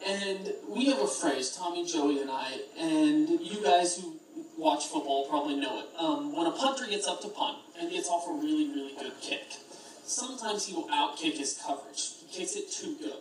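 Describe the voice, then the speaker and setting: A man's voice: on the high side, normal speed, a little hiss or hum. A young man gives a best man's toast at a wedding reception, rambling through anecdotes and chuckling at his own jokes. He is picked up from far off in a very echoey hall.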